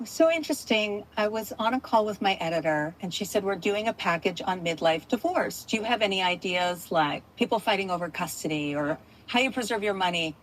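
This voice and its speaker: Woman journalist explaining calmly, medium pitch. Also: a little fast, few pauses, slight background noise, rough recording. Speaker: journalist guest. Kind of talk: interview answers.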